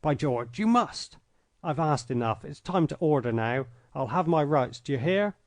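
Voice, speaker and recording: Man doing a hot-tempered English gentleman, blustering, swinging pitch, dry. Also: animated, unhurried, no room sound. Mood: angry. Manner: blustering, demanding. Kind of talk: audiobook character voice.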